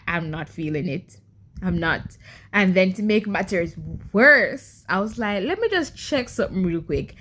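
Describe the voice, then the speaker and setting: Exasperated young woman vlogging about books. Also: mid-range voice. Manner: exasperated, stammering repeats, rhetorical questions to viewers. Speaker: book vlogger. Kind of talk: casual reading vlog to camera.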